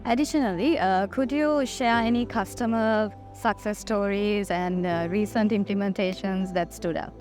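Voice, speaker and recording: A woman with a mid-pitched voice hosts a business interview. She asks polite, slightly hesitant questions, pausing on fillers. Faint music sits under her voice. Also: a little mellow.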